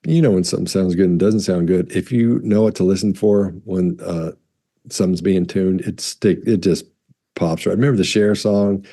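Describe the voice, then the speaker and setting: Male explainer, low and mellow, casual and digressive, close compressed mic. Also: steady tone, normal speed. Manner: rambling, self-correcting, demonstrates loud and soft speech. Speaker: body language expert answering viewer questions. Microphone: studio mic with compressor.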